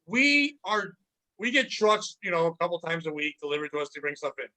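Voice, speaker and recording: A man hosting a comedy podcast, telling profane, animated stories and acting out customers. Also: a little high, a little fast. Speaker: podcast host and stand-up comedian. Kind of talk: casual comedic storytelling.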